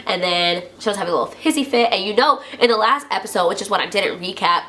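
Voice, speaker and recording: In this clip a woman with a mid-range voice chats through a TV episode recap for her channel, talking fairly quickly with few pauses. She says "like" constantly and performs the quotes in lively voices. There's slight noise in the background.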